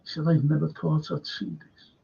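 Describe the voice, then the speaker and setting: A man's voice: a little high, flat delivery, normal speed, gravelly, warm tone, slightly rough. An older man with a Liverpool accent, chatting casually as a show host and rambling through sweary anecdotes. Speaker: podcast host. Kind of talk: casual chat. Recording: dull lo-fi recording.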